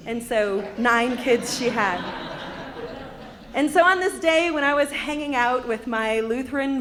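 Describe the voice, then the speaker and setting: A woman's voice: fairly high pitch, fairly bright tone, a little hiss or hum. A woman in her fifties from Wisconsin, with a Wisconsin accent, telling a personal story on stage with a wry, humorous delivery. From Wisconsin, USA. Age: 50s. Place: arts center stage.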